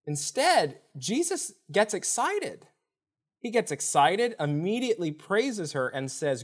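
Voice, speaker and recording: With a high voice and a slow, deliberate pace, a man who writes books talks through a Bible story as a podcast guest. He's animated, dramatizing each quoted speaker as he explains.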